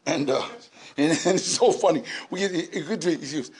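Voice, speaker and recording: A man in his sixties telling his story at a recovery meeting, animated and laughing, with shouted bursts. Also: on the high side, moderate pace. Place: large indoor meeting room.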